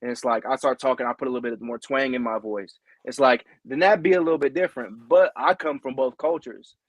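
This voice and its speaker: A man's voice: mid-range voice, brisk, no echo. A young man chatting on a podcast in a rambling, earnest way, often tagging on "you know what I mean". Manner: earnest and heartfelt. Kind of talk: casual podcast chat.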